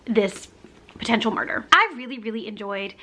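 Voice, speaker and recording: A woman's voice: fairly high pitch, lively intonation, moderate pace, pushed and bright. A young woman from the American South talking casually and candidly about books she has read, with lots of fillers and restarts. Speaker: book reviewer. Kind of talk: casual book review vlog.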